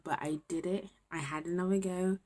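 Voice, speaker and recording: A woman's voice: on the low side, steady tone, normal speed, a little mellow. A young woman, a student talking candidly to camera in a casual vlog, often dropping to a murmur. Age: 20s. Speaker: university student vlogger.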